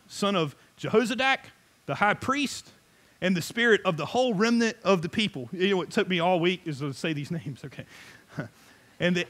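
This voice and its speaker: A middle-aged man preaching a sermon in an animated, joking, conversational way. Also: high-pitched. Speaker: pastor.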